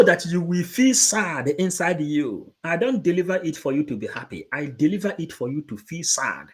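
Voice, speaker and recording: A man's voice: fairly high pitch, very animated, normal speed, few pauses. A man preaching to supporters, emphatic and repetitive, moving between English and Igbo. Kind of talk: impassioned preaching.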